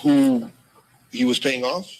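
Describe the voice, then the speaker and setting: A man interviewing someone, asking questions in an easygoing way with some halting restarts. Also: medium pitch, a little hiss or hum, rough recording.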